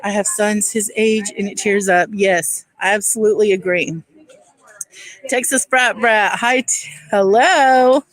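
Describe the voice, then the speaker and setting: Slow-talking woman greeting her livestream viewers. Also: mid-range voice, fairly even intonation, a bit bright, low-quality recording. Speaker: livestream host. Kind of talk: casual live-stream chat greeting viewers.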